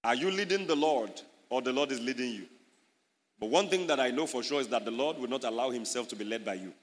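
A man's voice: medium pitch, fast talker. A man with a Nigerian English accent preaching a sermon, emphatic and teaching, acting out little scenes. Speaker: pastor. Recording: echoey hall.

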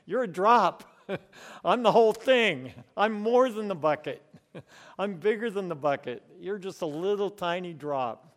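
A man's voice: high-pitched, lively intonation, slow, long reverb tail. A man voicing God, who laughs and scoffs dismissively at the nations. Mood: amused scoffing. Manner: amused, chuckling, dismissive.

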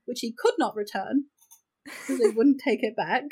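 NZ woman podcaster, higher voice, frank yarn-spinner with loose swearing. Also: normal speed, husky, poor audio. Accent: New Zealand. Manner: frank, animated storyteller, swears casually and fills with "like". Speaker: podcast co-host. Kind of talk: casual storytelling chat.

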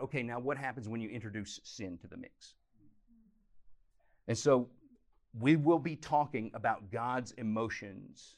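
A man preaching a teaching sermon, animated, swinging from loud emphasis to quiet, intense moments. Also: mid-range voice. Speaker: pastor.

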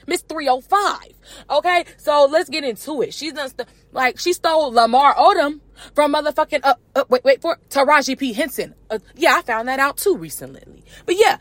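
A brash woman with a slightly high voice tears into celebrity gossip in a sassy, profane rant. She mocks people in sing-song put-on voices. The recording is dry and close, with no room sound. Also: animated, normal speed, a bit bright, dry recording. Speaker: podcast host.

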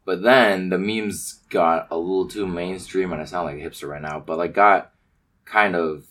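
A man's voice: low voice, steady tone, moderate pace, a bit bright. A man co-hosting a podcast in casual, joking chat with many fillers. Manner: laid-back, joking, lots of fillers. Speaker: podcast co-host.

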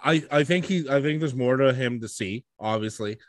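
A man co-hosting a podcast in casual chat, excitable and loose, with many fillers and swearing. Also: medium pitch, normal speed, dry recording, clean studio sound. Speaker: podcast co-host.

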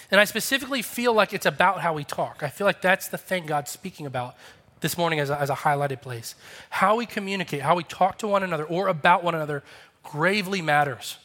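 A man's voice: sits high, bright, forceful tone. A man in his thirties, a pastor, preaching a sermon in an earnest, confessional way and acting out the voices he quotes.

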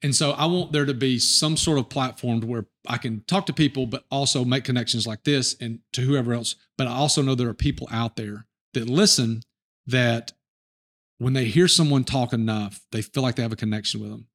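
A man's voice: mid-range voice, a little fast. A middle-aged man hosting a podcast interview in casual chat, talking in loose, rambling sentences with restarts. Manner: relaxed, rambling storyteller with restarts. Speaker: podcast host.

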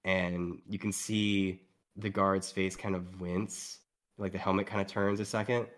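A man's voice: sits low, little pitch movement, measured pace. A man running a tabletop game as game master, narrating loosely with lots of fillers. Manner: rambling, lots of "like" and "um".

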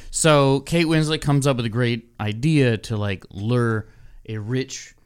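Deadpan man with a smooth voice. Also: mid-range voice, a little slow. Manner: deadpan, spinning wild theories. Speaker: podcast co-host. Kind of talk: casual chat.

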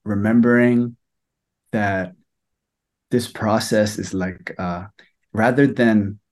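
Young man, slightly low voice, reflective personal sharing, hesitant with lots of fillers. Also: steady tone. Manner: soft-spoken, halting, many fillers. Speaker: student sharing experience.

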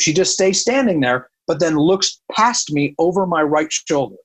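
A man's voice: fairly high pitch, moderate pace, poor audio. A man who works as a country radio programmer, telling a long anecdote in casual talk and acting out the dialogue. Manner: animated, quotes people in dialogue.

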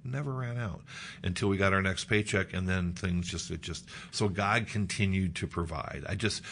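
Gravelly man telling a story. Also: deep voice, moderate pace, slight background noise. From Nebraska, United States. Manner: animated storyteller, acts out quotes in a raised voice. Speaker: guest.

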